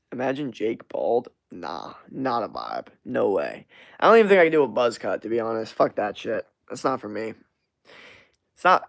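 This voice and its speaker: A creaky, medium-pitched voice comes from a young livestreamer. He casually responds to his chat with rambling, profane, energetic talk and heaps of filler words.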